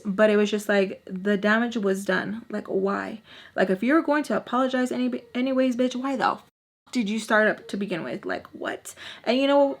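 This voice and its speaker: A young woman telling a casual storytime vlog, animated and profane, acting out quotes in other voices. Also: on the high side. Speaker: storytime vlogger.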